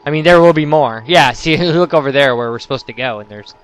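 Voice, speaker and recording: A man's voice: mid-range voice, fast, smooth, faint music behind. A young man from the United States casually commentating gameplay and rambling through personal stories. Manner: rambling, chatty storyteller. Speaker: let's play commentator.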